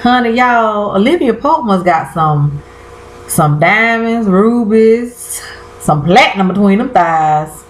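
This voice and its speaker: Talking directly to her audience, a TV recapper runs through an episode in a casual, colloquial way, frequently dropping sentences and restarting. She has a mid-range, lively voice and takes her time, with roomy echo and a little hiss or hum.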